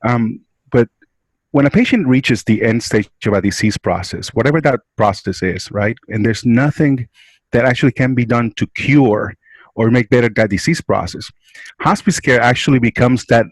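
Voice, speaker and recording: A man's voice: medium pitch, dry recording, rough recording. Earnest man with a dry, close sound. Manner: earnest, adds "right?" and "um" often. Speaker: hospice care representative. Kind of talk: interview explaining and telling a story.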